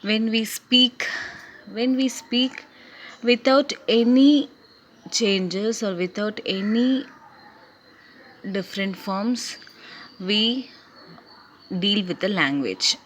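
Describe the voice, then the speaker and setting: Slow, deliberate woman teaching a lesson. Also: mid-range voice, a little hiss or hum. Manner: slow and deliberate, repeats key points. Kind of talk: recorded English lesson.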